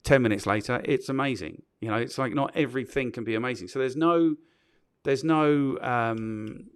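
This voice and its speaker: A man's voice: medium pitch, moderate pace, smooth, dry recording, studio quality. A man hosting a casual podcast, giving opinions in a conversational way and often checking in with his co-host.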